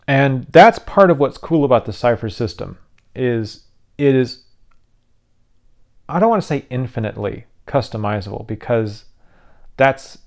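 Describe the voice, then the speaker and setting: Yawning and worn out, this YouTube host explains tabletop game rules in a mid-range, slightly mellow voice. His talk is casual and rambling, with frequent restarts.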